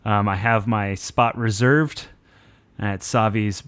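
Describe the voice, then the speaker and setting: A man's voice: lowish voice, fairly even intonation, slow, a bit bright, clean tone. A man co-hosting a casual podcast chat, talking in a blunt, profane, emphatic way. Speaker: podcast co-host.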